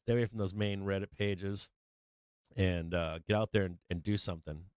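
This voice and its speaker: A man's voice: low-pitched, fairly even intonation, normal speed, clear, resonant tone, no echo, studio quality. A middle-aged man hosting a casual trading livestream, ranting with lots of swearing and laughing as he talks. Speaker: livestream stock trading host.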